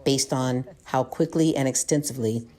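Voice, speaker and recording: Low-voiced woman telling her own story. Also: mellow. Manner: measured and plain-spoken, clears her throat often. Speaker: vlogger sharing her illness journey. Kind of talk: personal narration and candid conversation.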